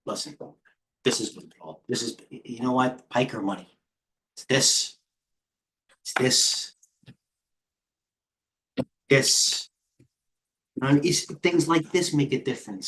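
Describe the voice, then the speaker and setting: Tired middle-aged host who rambles through live market commentary, ticker after ticker. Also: male voice, medium pitch, slow pace, pauses often, a bit bright, a little hiss or hum. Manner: rambling, off-the-cuff, jumps between stock tickers. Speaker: trading stream host.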